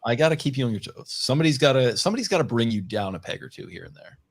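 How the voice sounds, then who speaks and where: A man's voice: medium pitch, expressive, racing, creaky, breathy edge. A man co-hosting a podcast, trading teasing jokes in casual chat. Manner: teasing, joking banter. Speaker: podcast co-host. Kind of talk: casual draft-night chat.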